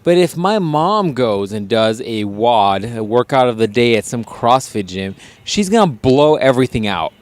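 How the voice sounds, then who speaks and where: A man co-hosting a casual podcast, talking in a profane, rambling, animated way. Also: medium pitch, normal speed, few pauses. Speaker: podcast co-host.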